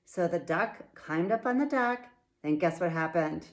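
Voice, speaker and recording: A middle-aged woman and children's author reading her picture book aloud, with slow, playful, expressive storytelling. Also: fairly low pitch.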